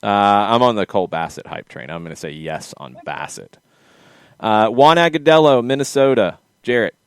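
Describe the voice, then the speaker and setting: A man hosting a casual soccer podcast, quick and lively, teasing his co-hosts. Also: on the low side, smooth, no room sound, clean studio sound. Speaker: podcast host. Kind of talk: casual sports chat.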